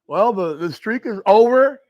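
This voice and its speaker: A man hosting a live watch party, reacting loudly and profanely to a football game and arguing with the chat. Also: high voice, measured pace, highs cut off. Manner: excitable, profane, argues with chat and the broadcast.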